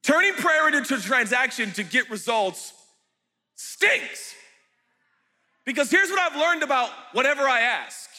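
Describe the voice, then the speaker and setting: A pastor preaching a sermon in an animated, joking way, often jumping into high, shouted outbursts. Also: male voice, measured pace. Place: church hall. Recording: echoey hall with faint music.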